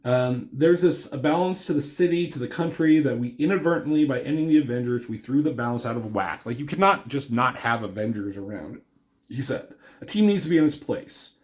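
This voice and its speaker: A man's voice: medium pitch, animated, brisk, darkish tone. A man casually recapping a comic book issue, rambling with lots of fillers as he paraphrases the dialogue.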